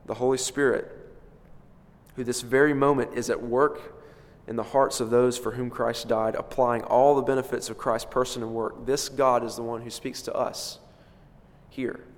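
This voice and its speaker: A man preaching an expository sermon with emphatic delivery, rising for stress and dropping low for quiet points. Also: level tone, moderate pace. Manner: emphatic, swells and drops in loudness for stress. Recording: long reverb of a large hall.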